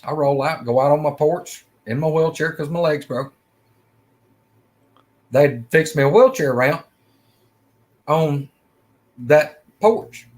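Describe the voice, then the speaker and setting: A man's voice: fairly high pitch, slow pace, long pauses, a little mellow. A middle-aged man telling a personal story in a folksy, rambling way, acting out quoted lines. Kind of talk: casual first-person storytelling.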